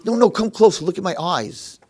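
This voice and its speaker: A man voicing a miserable, cranky blind old man who shouts in a high, strained voice. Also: animated, a little fast, husky. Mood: bitter. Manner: shrill shouting, bitter.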